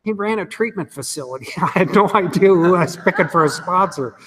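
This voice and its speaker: A man's voice: high-pitched, expressive, a little fast, fairly bright tone, husky, in a large hall. A middle-aged man giving an earnest, conversational testimony at a recovery meeting, often saying "you know" and "let me tell you.". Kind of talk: personal testimony talk.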